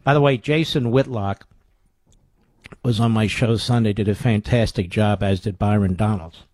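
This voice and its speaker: A man's voice: on the low side, steady tone, moderate pace, a little mellow, no room sound, clean studio sound. Sarcastic ranting talk radio man. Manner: asks rhetorical questions. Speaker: radio talk show host.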